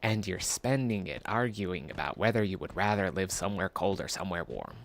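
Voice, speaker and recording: A man's voice: deep voice, animated, a little fast, vocal fry. A man streaming a game, musing in a casual, rambling way with self-mocking asides. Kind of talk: casual rambling gameplay commentary.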